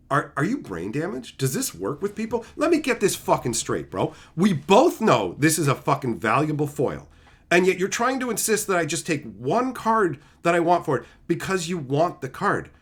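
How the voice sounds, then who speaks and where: A man's voice: fairly high pitch, huge pitch swings, normal speed, husky. A man hosting a livestream, ranting heatedly and profanely while answering chat. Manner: answers chat between rants. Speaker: streamer host.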